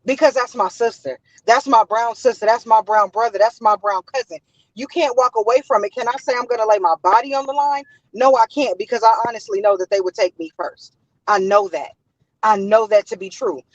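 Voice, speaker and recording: A woman's voice: a little high, fairly quick, no room sound, highs cut off. A woman from Los hosting a casual commentary show, talking in an emphatic, indignant way. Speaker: host.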